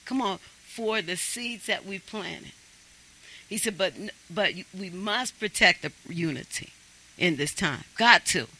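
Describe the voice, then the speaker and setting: A man's voice: high-pitched, pushed and bright, rough recording. A man preaching a sermon, emphatic and urging his congregation on.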